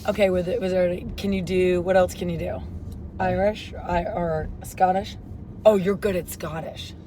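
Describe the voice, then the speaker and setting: A woman's voice: fairly low pitch, fairly even intonation, dark tone. Teasing woman in a car. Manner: teasing, prodding, quick to ask for more. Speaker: passenger, chat partner. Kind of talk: casual chat on a car ride. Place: inside a car. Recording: road noise in a car.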